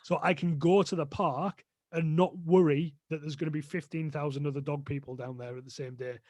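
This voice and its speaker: A man's voice: on the high side, darkish tone, dry recording. A man talking as a guest on a podcast, explaining dog training in a chatty way with lots of fillers. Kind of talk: casual podcast interview.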